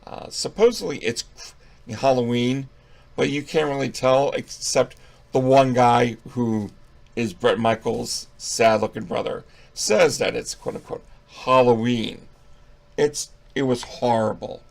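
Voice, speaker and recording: A man's voice: mid-range voice, gravelly. A young man giving a casual movie review, profane, rambling and mocking.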